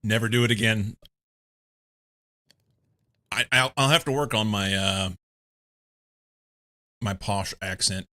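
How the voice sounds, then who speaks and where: Playing a game on a live stream, this Englishman talks slowly and reflectively, half to his chat and half to himself. His voice is fairly low in pitch with a sharp tone.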